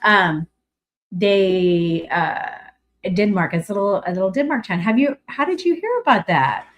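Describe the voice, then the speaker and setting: A middle-aged woman from California hosting a casual livestream chat. She rambles through her talk with plenty of fillers and restarts and turns bright and effusive when she greets viewers. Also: mid-range voice, animated, measured pace. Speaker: livestream host.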